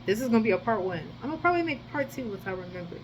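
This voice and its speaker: A woman telling a rambling personal story in a casual, profane monologue, with sudden jumps in loudness. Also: a little high, lively intonation, rapid-fire, a little hiss or hum, rough recording. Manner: rambling, slangy and profane, with many restarts. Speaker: storyteller vlogger.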